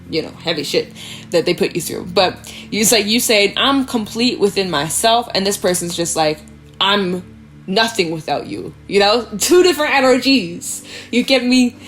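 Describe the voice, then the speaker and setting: A woman giving a casual tarot reading, chatty and animated, swearing freely and acting out quoted voices. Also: lowish voice, moderate pace. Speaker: tarot reader. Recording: faint background music.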